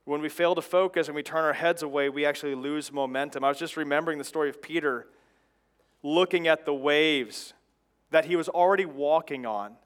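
A man in his thirties preaching a sermon in an earnest, exhorting way, pressing his points with repeated phrases. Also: medium pitch. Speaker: pastor.

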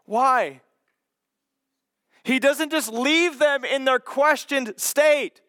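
A man's voice: extremely high pitch, slow, dry recording, clean studio sound. A man preaching a sermon, teaching verse by verse and acting out the doubters' questions with expression. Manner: expressive, voices the skeptics' questions.

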